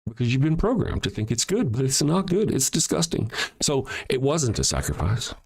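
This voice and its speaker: A man hosting a show, delivering a mocking, sarcastic monologue that swings between loud jabs and quiet asides. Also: medium pitch, sing-song, moderate pace, vocal fry, husky. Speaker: show host. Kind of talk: ranting monologue.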